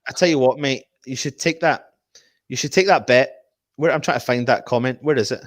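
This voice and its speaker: A man's voice: medium pitch, brisk, no echo, studio quality. A man hosting a casual fan live stream, reading viewer comments and making match predictions. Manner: animated, reads out viewer comments.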